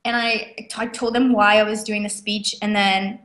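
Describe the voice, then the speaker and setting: A woman telling stories as an interview guest, lively and quick with lots of fillers. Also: medium pitch. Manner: animated, quick, many fillers and acted quotes. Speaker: guest, author and speaker. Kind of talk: casual interview storytelling. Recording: echoey room.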